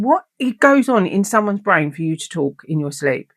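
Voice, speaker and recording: Lively woman telling stories, dry room. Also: mid-range voice, moderate pace, dry recording. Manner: animated, swears freely, acts out quoted lines. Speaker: podcast host. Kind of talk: casual storytelling podcast.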